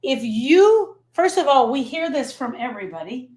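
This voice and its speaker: A middle-aged woman runs a live stream as a grief coach, her high voice swinging widely in pitch at a moderate pace with a slightly mellow quality. She speaks emphatically, repeats her key phrases, and responds to viewer comments.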